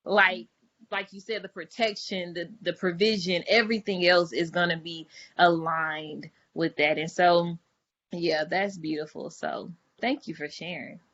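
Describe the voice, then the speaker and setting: A woman's voice: fairly low pitch, steady tone, measured pace, fairly bright tone. A woman on a faith podcast, talking in an encouraging, affirming way with many fillers. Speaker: podcast co-host. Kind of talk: casual faith talk. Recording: muffled lo-fi audio.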